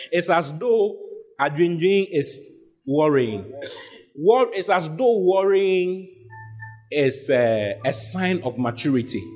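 A man preaching a sermon, reading scripture slowly and repeating key lines for emphasis. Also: mid-range voice, darkish tone. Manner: reads verses slowly and deliberately.

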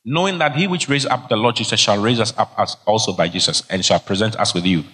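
A man's voice: fairly low pitch, quick pace, a bit bright. A middle-aged man preaching a sermon, emphatic and exhorting, repeating key phrases. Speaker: pastor. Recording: long hall reverb.

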